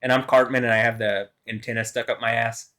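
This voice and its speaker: A man's voice: medium pitch, level tone, fairly quick, pushed and bright. A man talking alone to camera in a meandering, profane monologue, full of fillers and restarts. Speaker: vlogger. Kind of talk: rambling solo monologue.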